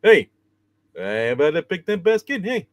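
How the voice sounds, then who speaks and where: A man's voice: high-pitched, sing-song, measured pace, no echo, pitched above the performer's own voice. A man doing a goofy Barney Rubble voice. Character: goofy cartoon caveman sidekick, male adult.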